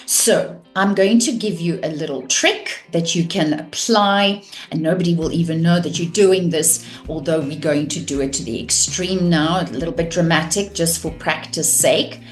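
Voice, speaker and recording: A woman teaching a course on communication, calm and measured, showing vocal techniques. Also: low voice, soft background music. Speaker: communication coach.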